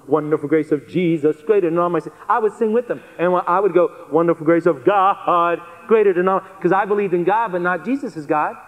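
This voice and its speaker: A man telling his conversion testimony to a live audience, earnest and animated, repeating phrases for emphasis. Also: sits high. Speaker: guest speaker giving a testimony. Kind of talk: testimony sermon storytelling. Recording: long hall reverb.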